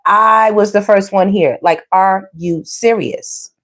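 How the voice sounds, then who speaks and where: A woman giving a casual tarot reading, sassy and animated, full of slang and calling the viewers "baby" and "y'all". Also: mid-range voice, takes it slowly. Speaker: tarot reader.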